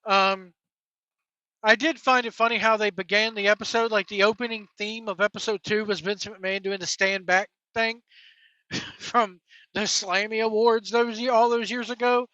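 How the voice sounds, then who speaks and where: Bright-voiced opinionated wrestling reviewer. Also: medium pitch, fairly even intonation, moderate pace, no echo, dull audio. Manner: opinionated, exasperated, rambling. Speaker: wrestling podcast host. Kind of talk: casual review commentary.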